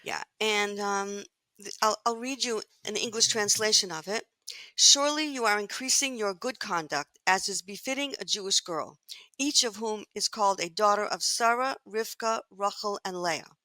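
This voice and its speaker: A woman in her sixties tells stories from her life as an interview guest, bright and clear in tone. She slips into the voices of the people she quotes, lively and expressive. The sound is dry and close. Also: medium pitch, moderate pace, no echo. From United States. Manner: animated storyteller who acts out quoted voices. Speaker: guest, longtime magazine editor. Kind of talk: storytelling in an interview.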